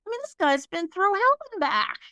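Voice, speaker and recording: A woman's voice: extremely high pitch, very animated, moderate pace, sharp tone, dry recording, studio quality. A woman co-hosting a podcast, chatting casually and telling stories with laughs and frequent restarts. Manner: chatty storyteller, laughs, many restarts and fillers. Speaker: podcast co-host. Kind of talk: casual chat.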